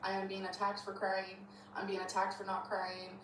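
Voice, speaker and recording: A woman's voice: mid-range voice, monotone, normal speed. A woman talking in a casual vlog, defensive and emotional. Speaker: vlogger. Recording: echoey room with background noise.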